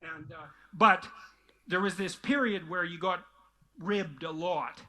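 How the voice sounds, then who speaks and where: A man's voice: high voice, slow pace, bright, forceful tone, a little hiss or hum. A man in a played interview clip, recounting old work stories in a reflective way. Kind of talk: storytelling in an interview.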